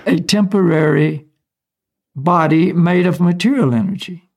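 A man from the US, a spiritual teacher, has a high-pitched, gravelly voice and a measured pace. He explains ideas in a relaxed, casual way, chuckling lightly.

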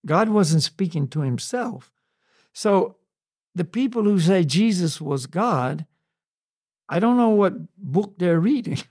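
Guy on a faith podcast, slow and searching, lots of you knows, voice kinda high. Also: expressive, a little mellow, no echo, studio quality. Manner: slow, searching, many "you know" and restarts. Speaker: podcast co-host on spiritual topics. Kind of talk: unscripted spiritual discussion.

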